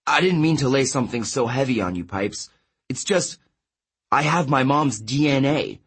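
A man's voice: mid-range voice, animated, normal speed, a bit bright, slightly rough, pitched above the performer's own voice. A man voicing a serious, worried teenage boy, speaking slightly above his narrating voice.

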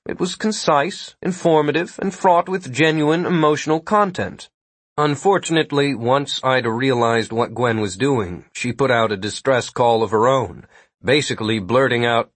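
A man narrates a fantasy story in a husky, slightly breathy voice at a middling pitch. His reading is measured and even. The recording is dry and close, with no room sound. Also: no room sound. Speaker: audiobook narrator. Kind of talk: scripted narration.

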